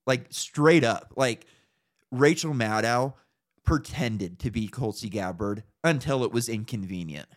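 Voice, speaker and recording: A man's voice: medium pitch, unhurried. A young man hosting a podcast, ranting casually about politics with lots of swearing and mocking impressions. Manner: profane, animated, mocking impressions. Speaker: podcast host.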